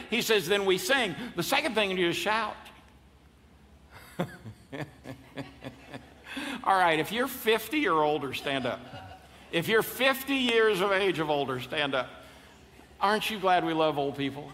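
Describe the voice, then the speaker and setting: A man's voice: high-pitched, animated, measured pace, pauses often, sharp tone. A man in his fifties preaching a sermon to a live congregation, joking and leading the crowd through call-and-response. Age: 50s. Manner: playful, jokes with the congregation, leads them in call-and-response. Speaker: pastor. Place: large church auditorium. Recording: hall reverb, faint ambience.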